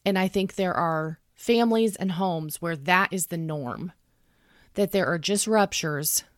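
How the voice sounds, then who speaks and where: A woman's voice: fairly low pitch, a little slow, no room sound. Earnest woman explaining parenting, dry close sound. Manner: earnest, explanatory, acts out what she would say to her son. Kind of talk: conversational podcast talk.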